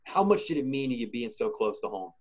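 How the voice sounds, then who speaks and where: A man's voice: mid-range voice, very animated, quick pace, slight background noise, low-quality recording. A man hosting a sports podcast, asking a guest questions in a friendly, conversational way. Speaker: podcast host, interviewer. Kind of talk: casual interview questions.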